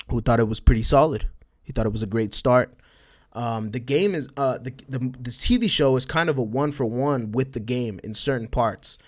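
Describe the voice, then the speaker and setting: A man from El Paso with a Texas border accent and a slight Spanish twang, talking casually on a solo podcast and rambling through fillers and restarts. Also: medium pitch. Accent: West Texas border, Spanish-tinged. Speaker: podcast host.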